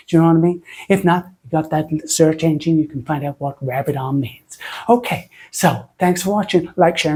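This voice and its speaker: In a warm, husky, mid-range voice, a British soap-making host meanders through casual tutorial talk. She mocks herself along the way and hams it up with an exaggerated funny voice.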